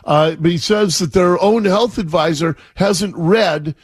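A man's voice: high voice, measured pace, husky, no echo. A man hosting a talk radio show, chatty and opinionated, setting up clips with his own asides. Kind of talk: casual talk radio commentary.

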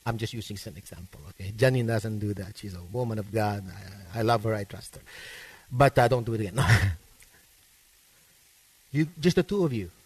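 A man's voice: moderate pace, pauses often, darkish tone, in a large hall. A man preaching a sermon as pastor, with emphatic delivery that rises and swells to stress each point. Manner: emphatic preaching, rising pitch and volume for stress.

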